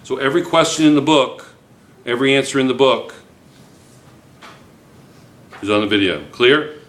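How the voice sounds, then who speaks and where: A man teaching a chemistry class, lecturing with lots of quick checks on whether students follow. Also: medium pitch, echoey room. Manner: lively, keeps checking students with "yes or no?".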